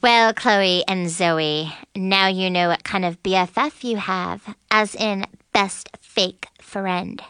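A woman's voice: mid-range voice, slow, hardly any pauses, a bit bright, clean tone, dry recording. A woman voicing a snobby, mean teenage girl who talks in a taunting, fake-sweet way. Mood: smug. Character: snobby mean teen girl, mocking queen bee.

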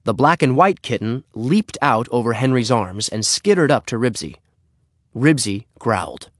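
A man reading a children's story aloud in an expressive way. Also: mid-range voice, normal speed, no room sound, studio quality. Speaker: narrator.

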